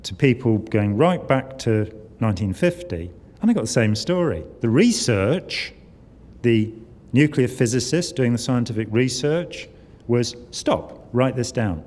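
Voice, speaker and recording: Older male speaker, wry and chatty, mid-pitched, hall reverb. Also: lively intonation, unhurried, a little mellow. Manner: wry, conversational, full of asides and acted quotes. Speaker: conference speaker. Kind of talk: conference talk. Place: conference hall.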